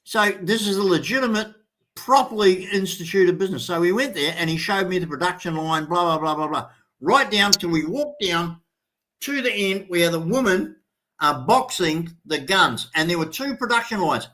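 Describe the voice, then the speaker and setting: Speaking high and at a moderate pace, this man hosts a live stream and spins a casual tale. He animates it by performing the quoted voices of the people involved.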